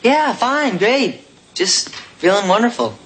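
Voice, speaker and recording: An actor playing a young man, the teenage son, joking and animated in a sitcom. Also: sits high, slow, slight background noise, exaggerated voice. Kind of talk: sitcom acting. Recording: sitcom audio with studio audience laughter.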